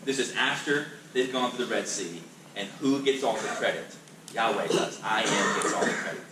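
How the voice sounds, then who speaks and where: A male pastor leads a Bible class in an emphatic, conversational way, often repeating words as he restarts a thought. He is picked up from a distance in a reverberant room, with steady noise underneath. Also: lowish voice, moderate pace. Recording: echoey room, distant mic, noisy.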